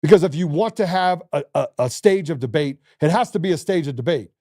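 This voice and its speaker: A man's voice: on the high side, animated, fairly quick, darkish tone, no echo, clean studio sound. A man hosting a political talk show, ranting in a heated, indignant way and swearing as he goes. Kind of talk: political talk radio rant.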